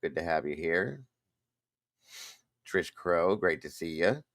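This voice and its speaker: A man's voice: low voice, animated, slow pace, a bit bright, dry recording. An older man hosting a casual livestream, rambling and greeting viewers one by one by name. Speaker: livestream host.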